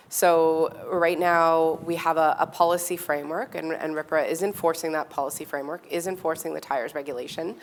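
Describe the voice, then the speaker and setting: A woman official answering questions on a panel at a public meeting, measured and explanatory. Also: deep voice, slight background noise. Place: meeting hall.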